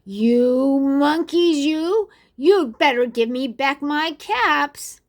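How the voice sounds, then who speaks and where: A woman's voice: extremely high pitch, slow, pushed and bright, voice pushed up, full character voice. An older woman voicing a frustrated, hot-tempered male peddler who scolds and demands, reading a storybook aloud. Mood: scolding.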